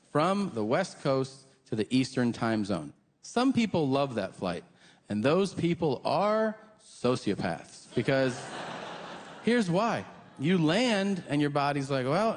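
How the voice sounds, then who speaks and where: Brief: male stand-up comic, mid-high voice, live hall recording with audience noise. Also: slow pace. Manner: animated storytelling with jumps into mocking character voices. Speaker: stand-up comedian. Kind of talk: stand-up comedy set. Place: comedy stage in a large venue with audience. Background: audience laughter.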